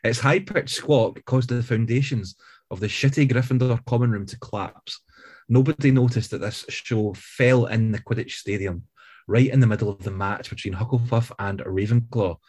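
A man with a husky, breathy voice and a middling pitch. He co-hosts a podcast and reads crude fan fiction aloud in a deadpan way. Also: moderate pace. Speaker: podcast co-host.

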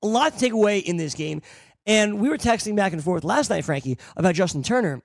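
A man with a fairly high voice that swings widely in pitch and drops into a gravelly fry. He reads game results with a wry, sarcastic edge in a casual podcast chat. The recording is dry and close. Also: animated, a little fast, no room sound. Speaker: fantasy baseball podcast co-host. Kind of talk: casual sports analysis chat.

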